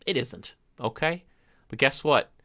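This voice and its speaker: A man's voice: mid-range voice, unhurried, a bit bright, no room sound, studio quality. A man co-hosting a podcast in casual chat, enthusiastic and rambling, with many fillers. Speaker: podcast co-host.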